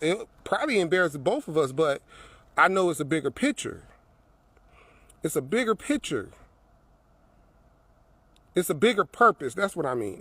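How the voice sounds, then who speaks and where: A man's voice: fairly high pitch, a bit bright, no echo. A man telling a personal story in a rambling way, repeating his phrases, recorded outdoors by an apartment building. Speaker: vlogger.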